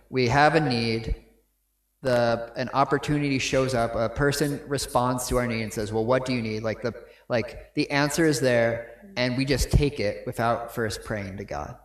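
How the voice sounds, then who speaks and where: A man's voice: mid-range voice, normal speed, echoey room. A man giving a sermon in a conversational way, often checking in with his listeners with asides. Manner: conversational, frequent "right?" asides. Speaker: pastor. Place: church sanctuary.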